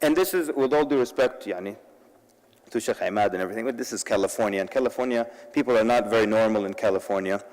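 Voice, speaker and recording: A man giving a humorous public talk at a convention, telling stories in an animated way and mixing in Arabic words. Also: on the low side, quick pace, long reverb tail, poor audio. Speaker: convention speaker. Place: large convention hall.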